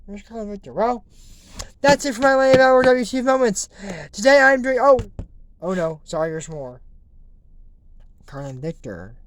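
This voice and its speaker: A man's voice: very high voice, expressive, moderate pace, pauses often, a little hiss or hum. A man hosting a casual, rambling recap of a cartoon episode, acting out the characters as he goes. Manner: rambling, restarts, acts out the characters.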